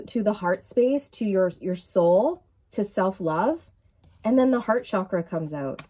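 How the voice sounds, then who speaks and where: A woman giving a casual, excitable tarot reading to her viewers, full of fillers and restarts, with a frog in her throat. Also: medium pitch, unhurried. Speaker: tarot reader. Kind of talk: intuitive tarot reading to camera.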